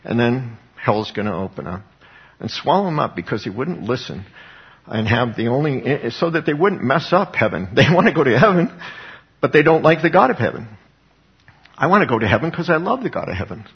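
A man's voice: mid-range voice, breathy edge. A pastor preaching a conversational sermon, asking his congregation questions as he goes. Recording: dull lo-fi recording.

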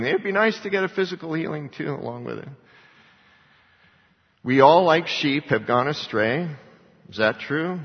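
A man's voice: fairly high pitch, lively intonation, normal speed, pauses often, husky. A man preaching a sermon, reading scripture aloud and asking the congregation rhetorical questions. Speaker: pastor. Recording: dull lo-fi recording in a reverberant hall.

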